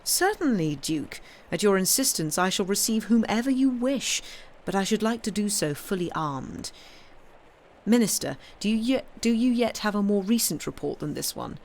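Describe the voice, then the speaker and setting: A woman's voice: mid-range voice, lively intonation, moderate pace, darkish tone, pitched above the performer's own voice, natural voice. A woman reading aloud, voicing an aging king who is wry and commanding. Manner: imperious, teasing.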